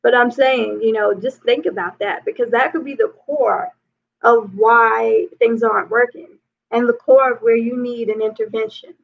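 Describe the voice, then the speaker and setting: A woman life coach gives relationship advice in a fairly high voice edged with gravelly vocal fry, at normal speed and fairly even intonation. She's loose and conversational, sprinkling in "you know" often, and the audio sounds tinny and narrow, like a phone line.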